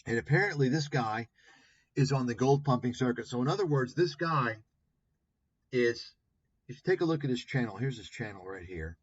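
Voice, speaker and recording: A man's voice: medium pitch, animated, moderate pace, lo-fi sound. A man hosting a livestream, talking in a sarcastic, profane, rambling way. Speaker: livestream host. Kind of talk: livestream commentary.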